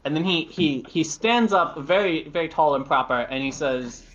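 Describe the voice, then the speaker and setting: A man's voice: fairly high pitch, moderate pace, fairly bright tone. A man narrating a tabletop role-playing game as game master, rambling with fillers and laughing at himself. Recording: dull lo-fi audio.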